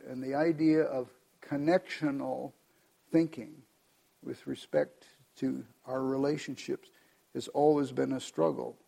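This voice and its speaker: An American man preaching a sermon as pastor, reading scripture aloud and explaining it in an earnest, measured way. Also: medium pitch, warm tone. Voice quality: gravelly.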